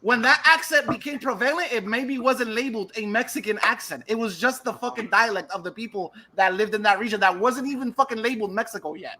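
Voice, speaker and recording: A man's voice: extremely high pitch, quick pace, few pauses, pushed and bright. A man from Puerto Rico co-hosting a podcast, arguing in a casual, repetitive way, swearing and mixing Spanish into his English. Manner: argumentative, repeats himself, mixes Spanish and English, swears. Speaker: podcast co-host.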